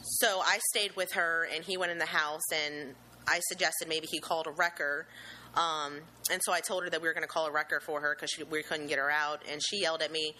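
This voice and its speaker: A young woman nervously recounting a frightening event she saw, halting and earnest, with many pauses and restarts. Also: low-pitched, little pitch movement, sharp tone, slight background noise, low-quality recording. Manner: earnest and emotional, with religious gratitude. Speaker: eyewitness telling her story. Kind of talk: personal account, unscripted.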